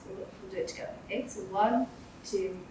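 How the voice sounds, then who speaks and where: A woman's voice: mid-range voice, fast talker, far from the mic, background noise. British woman teaching Sanskrit sounds in an echoey room. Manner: demonstrates sounds for the group to repeat. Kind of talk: leading a group pronunciation class.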